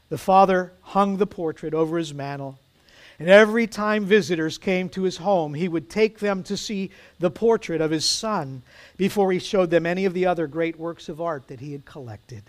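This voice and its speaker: A man preaching a sermon, telling a story with dramatic pauses and soft emphasis. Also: high-pitched.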